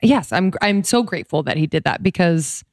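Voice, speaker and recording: A woman's voice: lowish voice, animated, moderate pace, a little mellow. A woman co-hosting a podcast, speaking openly and reflectively in a casual chat. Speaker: podcast co-host.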